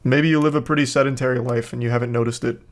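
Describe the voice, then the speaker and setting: A man giving casual online commentary in a deadpan, flat way, blunt and crude. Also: mid-range voice, racing. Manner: deadpan, flat-affect delivery.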